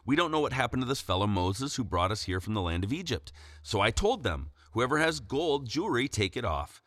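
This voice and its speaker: A man reading aloud the lines of a defensive male priest making excuses, a little higher than his narrating voice. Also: sing-song, brisk, fairly bright tone, no echo, studio quality.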